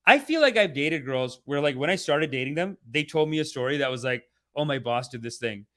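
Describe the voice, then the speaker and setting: A young man hosting a casual, rambling review, profane and animated, who slips into mock voices for the people he describes. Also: a little high, a little fast. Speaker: show host reviewing a documentary series.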